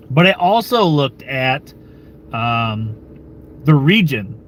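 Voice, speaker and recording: A man's voice: on the high side, a little hiss or hum. A man from the United States hosting his own channel, chatting casually and loosely with live-stream viewers, swearing and chuckling as he goes. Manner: rambling and relaxed, with frequent fillers, swearing and chuckles.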